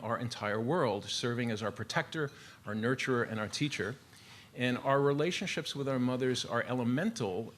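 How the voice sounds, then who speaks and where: A man's voice: medium pitch, a little hiss or hum. Man hosting a live storytelling show. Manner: warm formal emcee delivery with frequent "uh" fillers. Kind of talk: live stage introduction. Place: live venue with audience.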